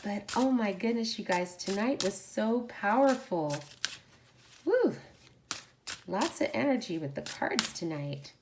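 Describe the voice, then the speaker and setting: A woman leads a live oracle card reading in a voice of middle pitch. She gushes over each card with frequent exclamations and giggles. When she reads the affirmations, she slows to a gentle, deliberate pace. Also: expressive, noisy background.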